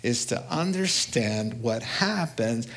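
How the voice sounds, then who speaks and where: A male pastor with a New York accent preaching a sermon, animated, acting out quoted voices and swinging between loud and hushed delivery. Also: mid-range voice, slow pace.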